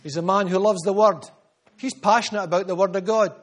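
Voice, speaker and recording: A Scottish pastor delivers a sermon in a noticeably high voice. He drives his points home with emphatic repetition, then drops into quieter asides. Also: fairly quick.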